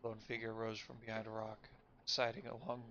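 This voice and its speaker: A man reading a story game aloud for a stream, reading quickly and often stumbling and correcting himself. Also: fairly low pitch, completely flat delivery, fairly bright tone. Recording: lo-fi with faint noise.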